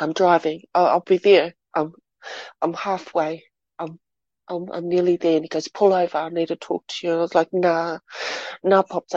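A middle-aged woman telling a personal story in an interview, halting and repeating words as she goes. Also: on the low side, a little mellow, no echo, lo-fi sound. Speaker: interview guest.

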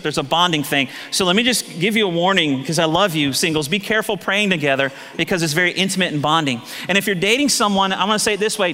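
A middle-aged man preaching a sermon as pastor, lively and joking with asides to the congregation, in a large church. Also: sits high. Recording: long hall reverb.

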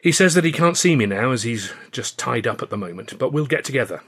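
A man's voice: medium pitch, expressive, fast, fairly bright tone, breathy edge. A man reading an audiobook, voicing an earnest, giggly and easily hurt male comedian with a lilting, slightly plaintive manner. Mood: downcast.

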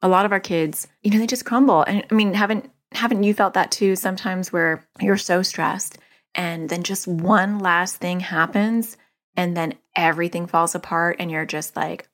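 Middle-aged woman giving parenting advice, kinda low voice, animated, acts out what the kids say. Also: moderate pace. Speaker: parenting coach answering a listener. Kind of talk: casual advice talk.

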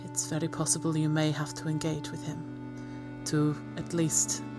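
A shaken young woman freed from captivity stammers through her words, remorse heavy in every phrase, as a woman puts her on. Her voice sits low and is tearful, with music playing behind her. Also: monotone. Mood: earnest. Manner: halting, breaks into tearful apology. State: crying.

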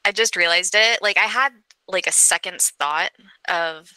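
A woman in casual conversation, reasoning aloud about a film with quick asides, talking over a remote call from her computer. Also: lowish voice, sharp tone, clear, resonant tone, no room sound, rough recording. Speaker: co-host. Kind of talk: casual chat.

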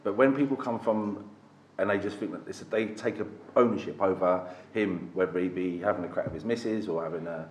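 Fast, blunt, low-voiced man. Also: a little mellow, a little hiss or hum. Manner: blunt, heavy swearing, ranting. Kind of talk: casual chat. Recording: echoey room with faint ambience.

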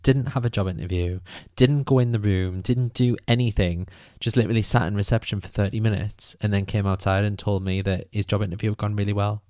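Animated British man telling a story. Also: fairly low pitch, brisk, no echo, studio quality. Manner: animated, self-mocking, swears freely. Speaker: podcast host. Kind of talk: solo storytelling podcast.

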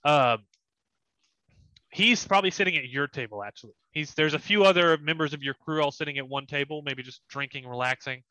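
A man running a tabletop game as dungeon master, describing scenes with pauses and fillers. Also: on the high side, pushed and bright, no room sound. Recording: slightly muffled dry recording.

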